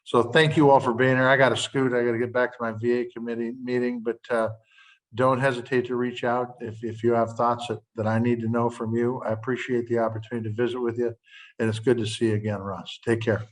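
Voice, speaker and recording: An older man from Montana talks plainly and earnestly, with a folksy turn of phrase. His pitch sits in the middle of the male range. He is on a video call and sounds a little distant from the microphone. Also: flat delivery, a little fast. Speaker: senator.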